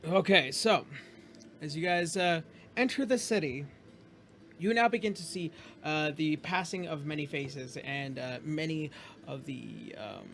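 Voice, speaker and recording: A man's voice: fairly high pitch, measured pace, gravelly, slight background noise. A man running a tabletop game as game master, narrating in a rambling way full of fillers.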